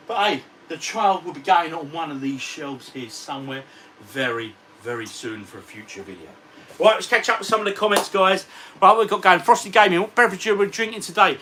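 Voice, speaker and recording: A matey man in his forties chats on a livestream from his games room, his voice bright and lively as it swings up and down. He sits some way from the mic, with faint background hiss around him. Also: high-pitched, brisk. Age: 40s. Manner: chatty, matey, reads out viewer comments. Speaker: retro gaming vlogger. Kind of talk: casual livestream chat. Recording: distant mic with faint ambient noise.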